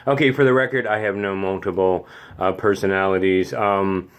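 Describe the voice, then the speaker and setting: A man's voice: deep voice, steady tone, normal speed, smooth. A middle-aged man hosting a casual vlog as a zany, theatrical talker, slightly congested. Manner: chatty, theatrical, self-mocking. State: slightly congested, clearing throat. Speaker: vlog host, infant room caregiver.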